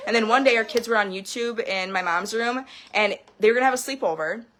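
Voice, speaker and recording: A woman in her thirties pours out a heated personal rant to camera, talking at a rapid clip in a slightly high voice. She swears freely and swings between bursts of laughter and near tears. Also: a bit bright. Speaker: vlogger.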